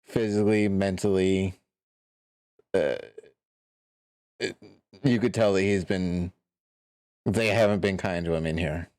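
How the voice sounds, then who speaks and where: A man narrating as game master, halting and relaxed. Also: deep voice, no echo, studio quality.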